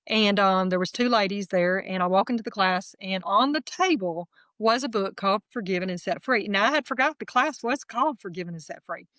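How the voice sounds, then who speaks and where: A middle-aged woman, candidly telling her personal testimony as a guest in a lively, self-deprecating way. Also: mid-range voice, brisk, few pauses, no room sound.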